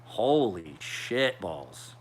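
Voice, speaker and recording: A man's voice: sits low, big pitch swings, drawn-out words. A man in his forties rambling through a casual livestream chat as a knife sharpener, with profane storytelling. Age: 40s. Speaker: knife sharpener streaming live.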